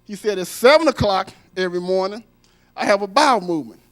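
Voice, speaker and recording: A man's voice: sits high, expressive, fast, fairly bright tone. A man hosting a comedy show, telling a joke then introducing the first comedian on a club stage.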